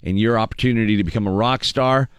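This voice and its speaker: Lower-voiced radio host, smooth and dry. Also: male voice, fast, dry recording. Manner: upbeat, promotional patter with fillers. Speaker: radio morning show host. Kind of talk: casual radio chat. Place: radio studio. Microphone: studio microphone. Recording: dry close studio mic.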